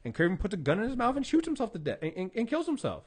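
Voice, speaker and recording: A man co-hosting a casual podcast about comic books, retelling stories in an animated way with lots of fillers. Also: high-pitched, rapid-fire, breathy edge. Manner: animated storyteller, acts out quotes, many fillers. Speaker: podcast co-host. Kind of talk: casual comic book chat.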